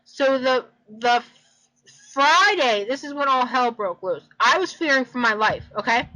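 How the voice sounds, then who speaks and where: A woman's voice: sits high, expressive, unhurried, bright, forceful tone, poor audio. A young woman telling a rambling personal story in casual chat, repeating herself and swearing.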